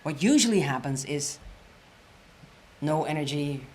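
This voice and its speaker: Woman presentation coach, lowish voice, high energy, repeats lines, whispers key points for emphasis. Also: animated, a little slow, darkish tone. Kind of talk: storytelling workshop lecture.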